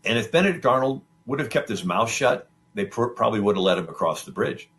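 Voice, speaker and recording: Talking fast at a medium pitch, this talk show host tells a history story in a loose, rambling way, with plenty of fillers and restarts. He animatedly performs the quoted figures' lines himself.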